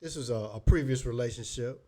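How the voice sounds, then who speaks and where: A man co-hosting a casual podcast. He tells stories in an animated, profane way. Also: medium pitch, a little fast. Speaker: podcast co-host. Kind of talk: casual chat, storytelling.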